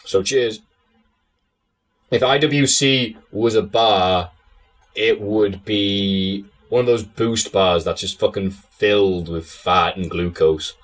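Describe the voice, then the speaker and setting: A man's voice: on the low side, fairly even intonation, slow pace, a bit bright. A man who is a podcast guest, chatting casually in a sardonic way, swearing and laughing often. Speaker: interview guest.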